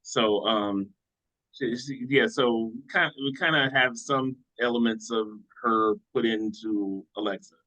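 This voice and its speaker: A man's voice: mid-range voice, measured pace, pushed and bright, no echo, rough recording. A man from the United States speaking as an author guest in a casual interview, hesitant and full of restarts. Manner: hesitant, many fillers and restarts.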